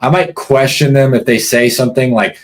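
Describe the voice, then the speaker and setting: A man coaching real estate wholesalers on hiring, talking directly and briskly and acting out sample phone calls. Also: medium pitch, fairly even intonation. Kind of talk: instructional talk to camera.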